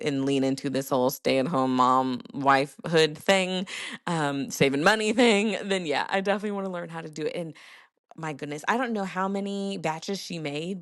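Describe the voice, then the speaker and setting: A woman's voice: deep voice, no room sound, clean studio sound. A young adult woman hosting a podcast, telling stories in a chatty, casual way with lots of fillers. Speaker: podcast host. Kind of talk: casual chat.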